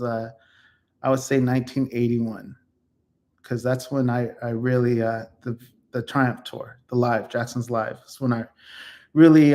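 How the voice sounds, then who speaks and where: A man in his fifties, speaking at an everyday middle pitch, reminisces casually about his own life. He rambles, trips over his words and corrects himself, filling the pauses with ums. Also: darkish tone. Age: 50s. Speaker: YouTuber reflecting on his life. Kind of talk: casual personal storytelling.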